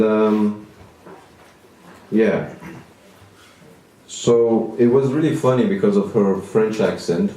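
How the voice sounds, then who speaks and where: A man's voice: fairly low pitch, dark tone, recorded from a distance, a little hiss or hum. A man in his thirties doing a stand-up comedy set, self-deprecating and rambling with restarts, in a small venue. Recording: echoey room, mic from afar.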